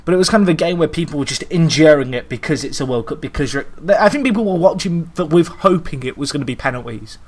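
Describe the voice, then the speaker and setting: A man's voice: fairly high pitch, animated, quick pace, few pauses. A man co-hosting a casual football podcast, easygoing and jokey. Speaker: podcast co-host.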